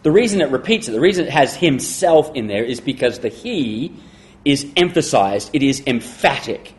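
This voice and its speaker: Middle-aged guy preaching, leans hard on key words then goes quiet, mid pitch. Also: lively intonation. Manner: emphatic, slows and drops to a hush on key words. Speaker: pastor. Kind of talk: sermon.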